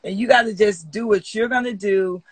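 A woman's voice: medium pitch, moderate pace, slightly rough, no room sound. A woman in her forties, a guest on a live video chat, talking candidly and emphatically and swearing freely. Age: 40s. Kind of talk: casual live-stream chat. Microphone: phone on a live video call.

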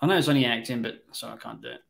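Man, mid-pitched voice, blunt, plain-spoken, casual film review chat. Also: rapid-fire, vocal fry, a bit bright. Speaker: film review podcast co-host.

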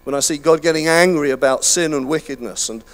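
Faint music plays behind an older British man preaching in a church hall; his voice is fairly high and his pace fairly quick. As a pastor, he delivers the sermon casually and self-deprecatingly, with lots of fillers and restarts.

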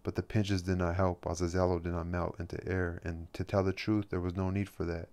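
A man reading a classic novel aloud as an audiobook, in steady, measured narration. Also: low voice. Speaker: reader.

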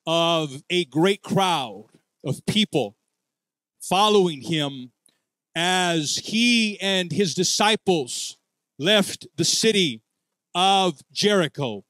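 A man preaching a church sermon, calling for responses from the congregation and leading prayer in drawn-out phrases. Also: high-pitched, lively intonation, bright, forceful tone, no room sound. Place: church sanctuary.

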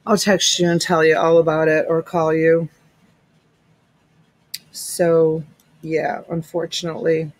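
A woman's voice: low voice, little pitch movement, unhurried, long pauses, no room sound, rough recording. A middle-aged woman hosting a live-stream sale in casual chat, greeting viewers by name and calling them honey and sweetheart. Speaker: live-stream reseller host. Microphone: USB desk mic.

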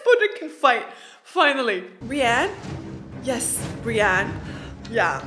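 A high-voiced woman gives animated, exclamatory reactions as she watches a show. She talks slowly, into a studio podcast mic at home, while show music plays clearly behind her. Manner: emotional, exclamatory, talks to the screen. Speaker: reaction video host. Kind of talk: live reaction commentary.

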